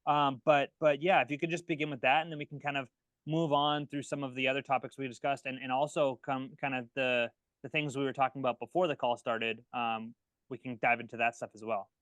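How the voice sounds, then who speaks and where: A man's voice: mid-range voice, fairly even intonation, fairly quick, fairly bright tone, no echo. Man hosting a call, hesitant. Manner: hesitant, many fillers and restarts. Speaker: host. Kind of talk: casual video call chat. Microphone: video call.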